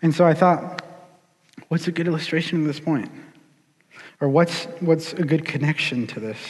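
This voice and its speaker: A man preaching a sermon in a casual, animated storytelling way. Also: on the high side. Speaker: pastor. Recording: long hall reverb.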